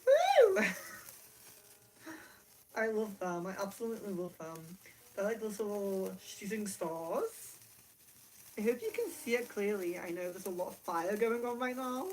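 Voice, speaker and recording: A woman hosting a spiritual livestream from her room, giggly and excitable, laughing often, speaking to a camera set far across the room. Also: mid-range voice, normal speed, a little hiss or hum. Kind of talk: casual livestream chat. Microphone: camera mic from across the room.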